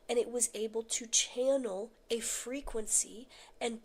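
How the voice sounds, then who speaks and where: A woman's voice: on the high side, darkish tone. A woman talking casually and thoughtfully, sometimes slipping into a whisper. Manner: musing, slow, dropping to a whisper at times. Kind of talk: casual talk in a video.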